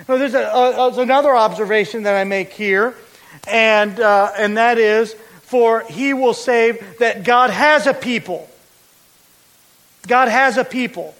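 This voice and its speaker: A man preaching a sermon as pastor, explaining a verse with deliberate, emphatic repetition. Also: very high-pitched, fairly bright tone, low-quality recording.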